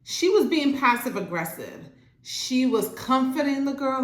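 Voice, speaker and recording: A woman at home giving a casual, animated recap of a TV show, acting out the characters' lines as she goes. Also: sits high, measured pace. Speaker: TV show reviewer. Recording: roomy echo.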